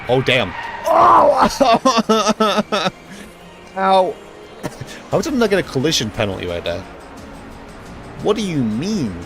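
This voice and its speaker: A young man streaming a racing game live, joking and talking to himself with excitable reactions. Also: high voice, takes it slowly, gravelly, pauses often. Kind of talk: live gaming commentary. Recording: loud game music behind voice. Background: racing game music and engine sounds.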